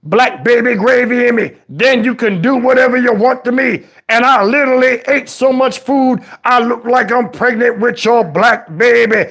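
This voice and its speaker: This man plays an elderly, indignant dad in a comedic rant, using an extremely high, exaggerated voice at normal speed with hardly any pauses. The father is preachy and exasperated, scolding, swearing, and shouting at times.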